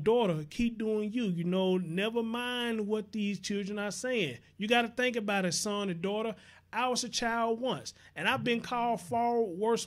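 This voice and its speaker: A young man hosting a casual livestream, chatty and earnest, reading viewer comments and giving shout-outs. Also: high voice. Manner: earnest preaching tone on serious topics. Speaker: livestream show host.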